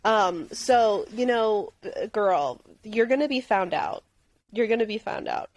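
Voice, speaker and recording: A woman's voice: medium pitch, animated, unhurried. A woman co-hosting a podcast, chatting casually and playfully, retelling scenes with animation. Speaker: podcast co-host. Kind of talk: casual chat.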